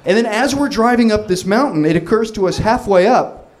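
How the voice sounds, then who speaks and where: A man in his thirties tells a comic story with a voice pitched a little high. He rambles, restarts his sentences and laughs his way through the telling, all excitable energy. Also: a little fast.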